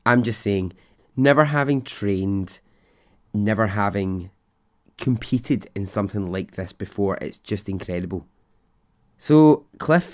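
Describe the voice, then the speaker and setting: A man hosting a podcast, telling a story in a chatty, animated way and laughing at his own tale. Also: on the low side. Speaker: podcast host. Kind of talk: casual storytelling.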